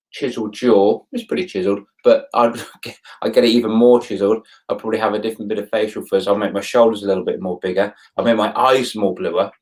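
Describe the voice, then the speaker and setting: A man with a fairly low voice ranting live to his viewers. He sounds middle-aged and openly annoyed. He stops now and then to greet people by name. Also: darkish tone, low-quality recording. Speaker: livestream host. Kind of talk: casual live chat to viewers.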